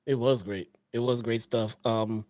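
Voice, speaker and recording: Man, podcast co-host, relaxed, casual slang, dry close mic. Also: mid-range voice, measured pace, no echo.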